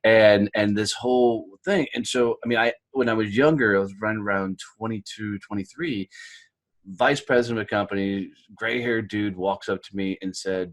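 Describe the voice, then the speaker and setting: A man's voice: fairly low pitch, normal speed. Folksy American man in his forties. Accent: Southern American twang. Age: 40s. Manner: folksy, energetic, calls people dude and brother. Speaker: guest. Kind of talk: casual podcast interview.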